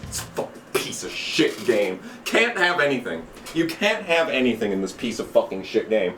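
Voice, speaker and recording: A man commentating his own racing video game play, cursing freely and swinging from excited shouting to frustrated ranting. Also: mid-range voice, normal speed, hardly any pauses, slight background noise. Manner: excitable, profane, shouts during the race; grumbling, frustrated rant. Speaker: gaming YouTuber. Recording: roomy echo, distant from the mic.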